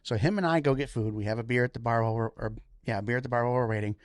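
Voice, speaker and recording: A man co-hosting a podcast, retelling a story with an expressive, laughing manner. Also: mid-range voice, rapid-fire, no room sound, clean studio sound. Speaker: podcast co-host. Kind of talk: casual storytelling chat.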